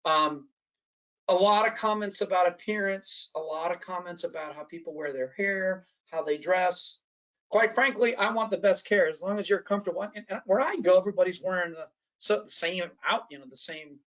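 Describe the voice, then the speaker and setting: A man's voice: high-pitched, normal speed, a bit bright, dull audio. A man presenting a training workshop in a lecture style. He talks animatedly, often restarts his sentences and acts out the voices of the people he quotes.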